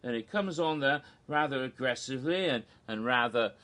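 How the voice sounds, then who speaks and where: A man casually recounting a theme-park show in an animated, gossipy way with giggles. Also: medium pitch, moderate pace. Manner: animated, gossipy, giggles at his own jokes. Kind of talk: casual recap narration.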